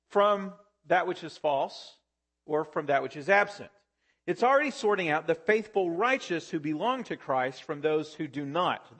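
A man preaching a sermon as pastor, emphatic, with sudden climbs to excited peaks and drops to quiet, low stresses.

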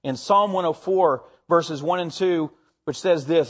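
A man preaching a sermon as pastor, expressive, shifting pitch and pace for emphasis. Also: measured pace.

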